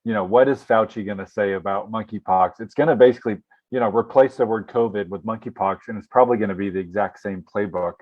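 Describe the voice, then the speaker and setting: A man co-hosting a political talk show, speaking casually with a hesitant delivery full of pauses and restarts. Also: on the low side, dull audio. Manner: hesitant, many fillers and restarts.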